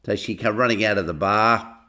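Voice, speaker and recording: A man's voice: on the low side, a little fast, sharp tone. A middle-aged man casually telling a rambling personal anecdote, full of "I said, he said.". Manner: rambling, chatty retelling full of "I said, he said". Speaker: storyteller.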